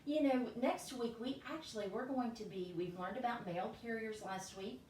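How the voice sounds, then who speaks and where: A woman's voice: fairly high pitch, moderate pace, darkish tone. A woman hosting a children's library storytime, talking cheerfully and leading songs. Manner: cheerful, sings and makes animal sneeze sounds. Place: library room. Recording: roomy, from a distance, faint hiss.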